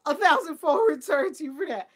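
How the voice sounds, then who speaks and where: Lively, laughing woman spiritual host. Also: sits high, brisk. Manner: laughs often, animated and playful; mimics people in a flat, dutiful voice. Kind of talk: casual spiritual talk to viewers.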